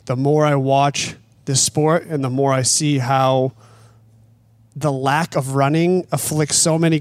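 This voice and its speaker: Guy explaining his training program, plain steady voice, super dry close sound. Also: fairly high pitch, no room sound. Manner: explains plainly, emphatic about running. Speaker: fitness program coach. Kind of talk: casual podcast chat.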